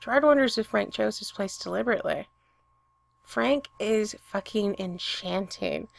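A woman reading a romantic story aloud with expressive storytelling. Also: on the high side, creaky. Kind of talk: reading fan fiction aloud.

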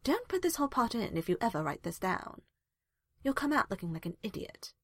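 A bold, fiery warrior woman, loud and teasing, her voice leaping high and swooping wildly, as a woman puts her on. She shouts and needles with a breathy edge, dry and close. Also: very animated, a little fast, no echo. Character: brash fiery female warrior in love.

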